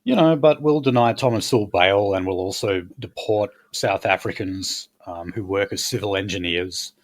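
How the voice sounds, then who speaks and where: A man's voice: fairly low pitch, moderate pace. A man hosting a casual political chat, blunt and crude, rambling with many fillers. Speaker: podcast host.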